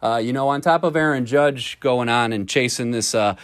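Male podcast host, casual sports chat, lively and profane, busts chops, dry booth. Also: medium pitch, normal speed, no echo. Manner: animated, ribbing, profane.

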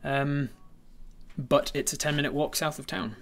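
A man narrating a tabletop game as the game master, relaxed and meandering, with frequent hesitations. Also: on the high side, moderate pace, vocal fry.

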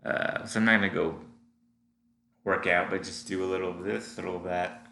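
A man's voice: deep voice, steady tone, brisk, creaky, sharp tone. A man with a stuffy nose, rambling casually into a home recording setup in his apartment, full of fillers and restarts. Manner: meandering, many fillers and restarts. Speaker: solo audio diarist. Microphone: home recording setup at a computer. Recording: echoey room with faint hum.

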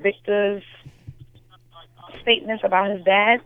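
A woman's voice: mid-range voice, fairly even intonation, measured pace. Woman caller on a tinny phone line, earnest and encouraging. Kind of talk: heartfelt call-in.

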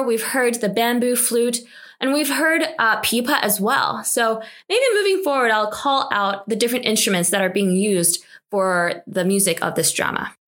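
A woman's voice: a little high, fairly bright tone. A woman hosting a drama recap, narrating scripted commentary in a wry, chatty, lightly sarcastic way.

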